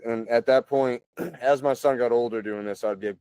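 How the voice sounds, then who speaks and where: A man in his thirties, a podcast guest, talking in a relaxed, chatty way full of "like" and "you know" and clearing his throat often. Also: mid-range voice, moderate pace, no echo. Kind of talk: casual conversational storytelling.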